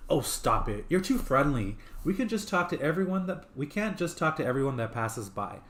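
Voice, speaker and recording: A man's voice: fairly high pitch, big pitch swings, moderate pace, a bit bright, voice pushed up. A man voicing a stubborn, suspicious survivor who is in denial, reading lines from a game script.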